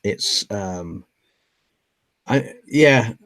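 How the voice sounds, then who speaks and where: A man's voice: lowish voice, expressive, drawn-out words, a bit bright. A man co-hosting a casual movie chat, speaking hesitantly with many restarts. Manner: hesitant, full of restarts and self-corrections.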